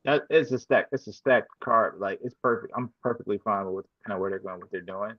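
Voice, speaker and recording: A man's voice: on the low side, a little fast, no room sound, highs cut off. A man co-hosting a podcast, chatting casually and agreeably with some offhand swearing. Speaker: podcast co-host. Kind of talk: casual chat.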